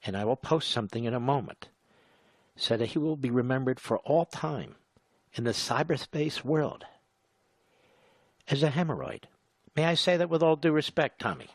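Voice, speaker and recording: A middle-aged man hosting talk radio, mocking and sarcastic, slowing down to spell out his points. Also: mid-range voice, a bit bright, no room sound. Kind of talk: combative talk radio monologue. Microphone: studio microphone.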